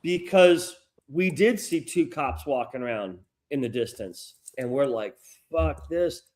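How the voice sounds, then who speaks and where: A man's voice: medium pitch, lively intonation, a little slow, darkish tone. A middle-aged man co-hosting a podcast, telling a long, profane story in casual chat. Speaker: podcast co-host.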